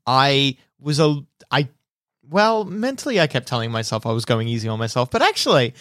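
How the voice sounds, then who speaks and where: A man's voice: medium pitch, big pitch swings, fairly quick, a bit bright, dry recording, studio quality. A man co-hosting a casual chat, talking in a chatty, giggly way and often cutting himself off. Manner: chatty, self-interrupting, giggly. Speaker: podcast co-host.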